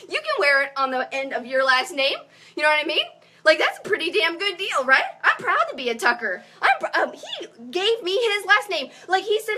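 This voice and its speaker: A woman in her thirties giving an energetic motivational pep talk as a coach on a call. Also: sits high, brisk.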